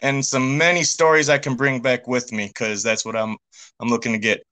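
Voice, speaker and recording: A man's voice: medium pitch, flat delivery, normal speed, pushed and bright. A man around forty from Texas, calling in with folksy, drawling talk. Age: young adult. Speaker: caller.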